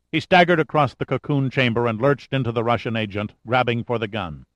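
A man narrating a thriller audiobook in a steady, measured way. His voice sits at a mid pitch, recorded dry and close with no room sound. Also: dry recording.

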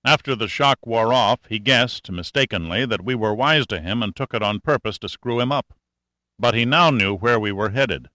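A man's voice: mid-range voice, normal speed, pushed and bright, no room sound, close to an everyday voice. A man voicing a cool, sarcastic male adventurer in an audiobook, speaking in a dry, matter-of-fact way. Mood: explaining.

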